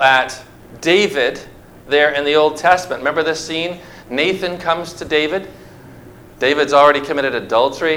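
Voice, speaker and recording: A man's voice: high-pitched, pushed and bright, a little hiss or hum, poor audio. A man preaching a sermon, emphatic and repetitive, acting out voices from the stories he tells. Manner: emphatic, repeats words for effect, acts out quoted voices.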